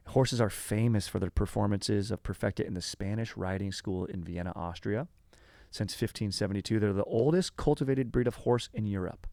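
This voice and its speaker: Deep gravelly man, rambling casual host. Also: darkish tone, dry recording, clean studio sound. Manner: rambling, filler-heavy, slangy, says dude and bro. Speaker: podcast host telling a history story. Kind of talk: casual conversational storytelling.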